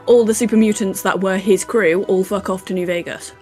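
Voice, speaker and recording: A woman's voice: mid-range voice, fairly even intonation, brisk, darkish tone, faint music behind. A woman co-hosting a live stream who chats casually, explains things at length and swears offhandedly. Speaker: co-host.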